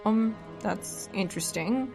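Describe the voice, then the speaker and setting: A drunk woman voicing a nervous, polite young man who talks high and hesitantly in a storybook reading. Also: slow pace, darkish tone, faint music behind. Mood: fretful.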